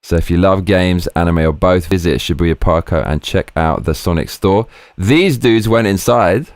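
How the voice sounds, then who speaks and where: A man hosting a live stream, commenting on footage in an excitable, slangy, chatty way. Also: deep voice, normal speed, no echo. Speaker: streamer host.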